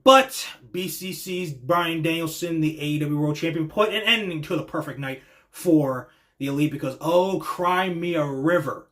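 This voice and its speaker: Animated young man reacting to wrestling. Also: on the high side, normal speed, few pauses. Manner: animated, swears freely, acts out quotes in voices. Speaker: podcast host reacting to wrestling. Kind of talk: excited casual reaction monologue.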